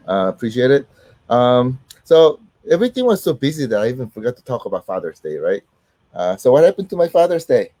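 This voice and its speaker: A middle-aged man hosts a casual livestream while fighting off an illness, his voice not fully recovered. His tone is mellow and close, with a dry, roomless sound. He talks haltingly, filling gaps with um and uh. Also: fairly low pitch, no room sound. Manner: halting, heavy with um and uh, warm greetings to viewers. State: sick, voice not fully back. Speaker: host.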